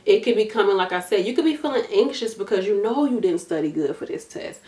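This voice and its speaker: A woman's voice: medium pitch, animated, fast, warm tone, reverberant. A tired woman in a casual advice vlog, talking in a direct, matter-of-fact coaching way with casual slang and lots of repetition. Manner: casual, uses y'all and gonna, repeats herself for emphasis. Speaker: nursing YouTuber giving study advice.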